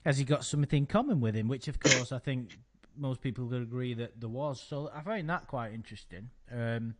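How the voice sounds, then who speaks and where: A man co-hosting a casual chat, wry and crude with mock-gruff humour. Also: medium pitch, a little fast, heavy background noise. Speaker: co-host.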